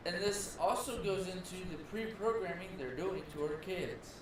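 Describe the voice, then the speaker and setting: A man's voice: sits high, moderate pace, heavy background noise. A man, father of kids, co-hosting a casual podcast, talking bluntly and with plenty of swearing. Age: adult with children. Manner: blunt, profane, heated. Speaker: podcast co-host. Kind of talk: casual ranting chat.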